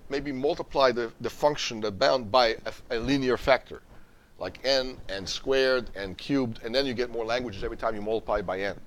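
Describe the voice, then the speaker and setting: A middle-aged man lecturing as a university professor, emphatic, repeating and restarting words as he quizzes the class. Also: mid-range voice. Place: lecture hall.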